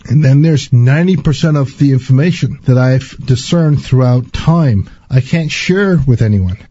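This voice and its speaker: Deep husky-voiced man, earnest and slow. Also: mellow, muffled recording. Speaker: spiritual speaker. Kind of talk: personal spiritual testimony.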